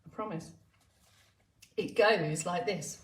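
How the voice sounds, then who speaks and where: A woman's voice: fairly low pitch, takes it slowly. A woman exercise instructor chatting playfully on a live stream, laughing often. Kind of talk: live-streamed casual chat. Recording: roomy, distant sound.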